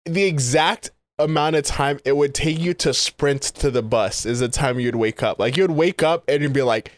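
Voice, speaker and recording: A man's voice: a little high, moderate pace, no echo, clean studio sound. A laid-back young man in a casual chat, full of fillers. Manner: laid-back, filler-heavy, says "like" and "bro" a lot.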